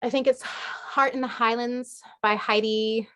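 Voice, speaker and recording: A woman's voice: fairly high pitch, steady tone, measured pace, a bit bright. A woman author answering questions in a casual group chat on a video call, talking with many fillers and restarts. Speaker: guest author. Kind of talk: casual online group talk.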